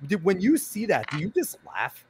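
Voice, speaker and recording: A man's voice: high voice, wildly swooping pitch, moderate pace, slight background noise. A man co-hosting a podcast, chatting casually and playfully teasing his guest. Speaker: podcast co-host. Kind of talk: casual interview chat.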